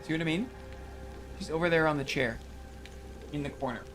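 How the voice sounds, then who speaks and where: A man's voice: fairly high pitch, a little fast, fairly bright tone, faint music behind. A man casually commenting while he plays a game on a live stream, chatting playfully with his viewers and reading their messages aloud.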